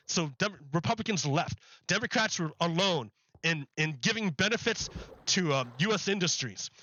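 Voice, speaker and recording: Bright-voiced man doing political commentary. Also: high-pitched, animated, moderate pace, no echo, highs cut off. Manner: rambling, repeats words, mocking put-on quotes. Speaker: political streamer. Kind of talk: live-streamed political commentary.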